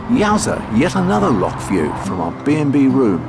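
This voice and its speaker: A man's voice: mid-range voice, wildly swooping pitch, moderate pace, vocal fry, over music. A man narrating his own road-trip vlog in a chatty, jokey way, mixing casual remarks with read-out facts. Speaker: travel vlogger.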